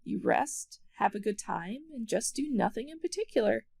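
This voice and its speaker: A woman's voice: on the high side, animated, normal speed, creaky, a little mellow, husky, heavily acted. A woman voicing a bossy, proud female magpie in a children's storybook reading, chirpy and self-assured. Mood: eager. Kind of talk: children's storybook read-aloud.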